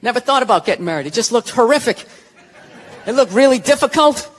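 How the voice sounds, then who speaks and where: A man with a Boston accent does stand-up comedy on a stage mic before a live audience, blunt, sarcastic, and profane. His voice is very high, expressive, and quick. A faint crowd and slight background noise can be heard.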